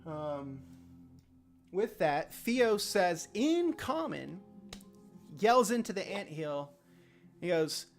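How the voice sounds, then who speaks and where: A man's voice: a little high, very animated, slow, vocal fry. A man narrating as game master of a tabletop game, rambling and descriptive with many fillers. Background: faint music.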